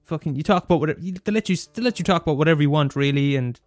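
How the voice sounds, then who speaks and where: This Irish student radio host in his twenties talks very fast in a high-leaning voice, cursing through an animated, casual rant. There's no echo on the recording, just soft music underneath.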